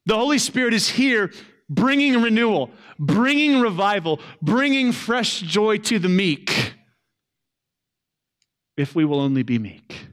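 A man preaching a sermon, earnest, swelling to loud emphasis and dropping to soft, low lines. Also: very animated, unhurried. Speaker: pastor.

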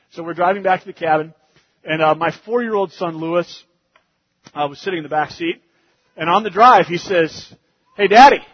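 A man preaching, telling a family story in an animated way that gets loud and fast in the funny parts. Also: on the high side, husky, muffled recording. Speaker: pastor. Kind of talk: sermon storytelling.

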